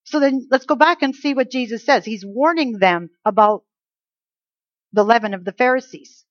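A woman's voice: on the high side, moderate pace, no room sound, lo-fi sound. A woman giving a conversational Bible teaching, checking in with her listeners through rhetorical questions.

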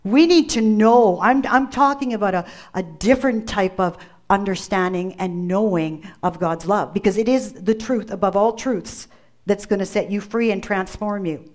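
A woman's voice: medium pitch, normal speed. A woman preacher delivering a sermon, emphatic, repeating key phrases and calling on listeners by name.

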